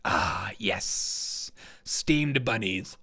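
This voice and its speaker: A man's voice: on the low side, expressive, very slow, bright, forceful tone, husky, voice pushed down, heavily acted. A man putting on the voice of a confused, rambling elderly male president. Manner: rambling, muddled.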